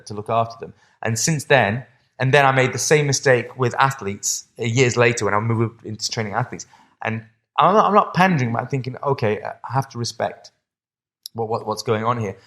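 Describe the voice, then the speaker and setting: Guy coaching athletes on a podcast, average pitch, rambly, keeps restarting sentences. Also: a little fast, a bit bright. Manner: rambling, restarts often, quotes himself. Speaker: guest, strength and conditioning coach. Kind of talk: casual podcast conversation.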